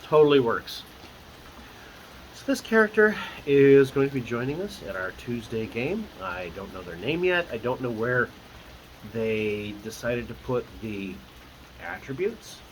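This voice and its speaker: Animated chatty man with a lively pitch. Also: measured pace, slight background noise, rough recording. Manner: chatty and animated, with lots of asides. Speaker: dungeon master. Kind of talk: casual campaign recap vlog.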